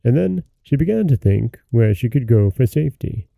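A man hosting and narrating a folktale in a slow, measured storybook reading. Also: mid-range voice, very animated, gravelly, dry recording, phone-quality sound. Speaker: host and narrator.

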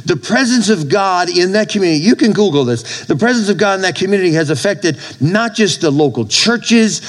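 Male pastor preaching; slightly raised pitch, emphatic delivery with repeated lines and amen calls. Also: low-quality recording. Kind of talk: sermon.

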